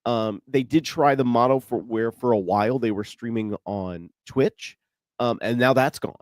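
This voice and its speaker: A man's voice: mid-range voice, moderate pace, dry recording, studio quality. A man speaking as a guest on a radio show, chatting casually and laughing between his points. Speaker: guest panelist. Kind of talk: casual chat.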